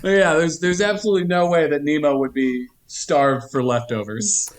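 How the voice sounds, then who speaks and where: Animated man with a New York accent. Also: a little high, normal speed, slight background noise. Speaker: podcast co-host. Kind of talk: casual comedic podcast chat.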